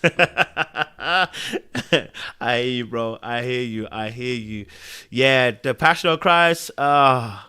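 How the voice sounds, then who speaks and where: A man's voice: medium pitch, clean tone. A man, hosting a casual live-stream podcast chat with viewers. He talks emotionally and repeats phrases for emphasis. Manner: swings between loud exclamations and hushed, drawn-out murmurs. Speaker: podcast host.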